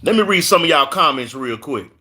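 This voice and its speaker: A man's voice: on the high side, lively intonation, brisk, bright, forceful tone, a little hiss or hum. A man from Houston with a Southern accent, hosting a casual live stream and reading viewer comments aloud, often stumbling on names and repeating words. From Houston, Texas.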